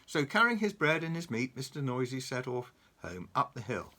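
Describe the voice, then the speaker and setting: A man reading a picture book aloud to a child, animated and chuckling, pointing out the pictures. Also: mid-range voice, normal speed.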